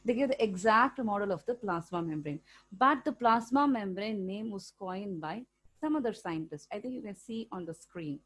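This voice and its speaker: With an Indian English accent, a woman teaches a school science lesson to students, explaining step by step and often checking in with "okay?". Her mid-range voice is animated, and she keeps a moderate pace.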